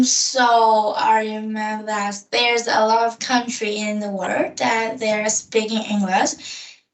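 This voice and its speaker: Woman, slow careful learner English, hesitant pauses, somewhat high voice, echoey room, distant from the mic. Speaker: English practice partner answering questions. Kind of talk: English speaking practice conversation.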